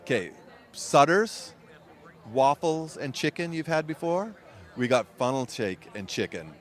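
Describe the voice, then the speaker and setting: A man's voice: fairly high pitch, expressive, a little slow. Chatty man raving about park food. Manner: enthusiastic, rambling food descriptions. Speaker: food and beverage staff. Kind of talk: casual interview. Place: outdoors at a theme park.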